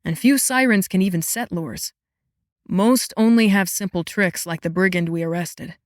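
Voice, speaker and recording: A woman reading an audiobook voices a wry, sharp-tongued young male guardian who talks in a low, dry, mocking way. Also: normal speed, no room sound, natural voice.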